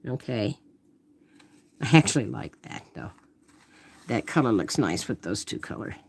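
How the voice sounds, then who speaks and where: Woman artist, casual live-stream chat, thinks aloud and murmurs, lively swooping delivery. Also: rumbling low, a little slow, gravelly, husky. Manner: thinks aloud while painting, trailing off into murmurs.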